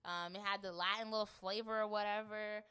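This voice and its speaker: A woman's voice: medium pitch, brisk, clear, resonant tone. A woman hosting a podcast, talking casually and rambling with lots of fillers. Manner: rambling, filler-heavy, animated. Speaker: podcast host. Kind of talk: casual chat.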